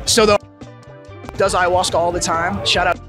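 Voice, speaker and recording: High-voiced young man telling a story. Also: flat delivery, moderate pace, music in the background. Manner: laid-back, filler-heavy slang with frequent "like" and swearing. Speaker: musician guest. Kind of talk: casual storytelling in an interview.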